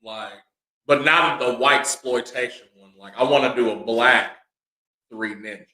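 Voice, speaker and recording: Podcast co-host, male, bright forceful voice, crude joking banter, echoey room. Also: medium pitch. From California. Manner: crude, joking, drawn-out storytelling. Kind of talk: casual comedic chat.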